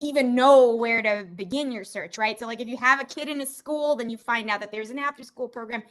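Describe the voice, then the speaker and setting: A woman's voice: on the high side, fairly quick, a bit bright. A woman facilitating an online community meeting, chatty and self-deprecating, talking over a video call.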